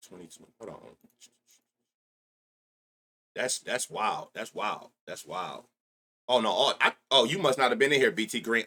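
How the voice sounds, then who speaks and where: A man hosting a sports betting livestream, chatting casually with loud excitable outbursts and heavy slang. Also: fairly low pitch, measured pace, pauses often, breathy edge. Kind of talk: casual live-stream chat.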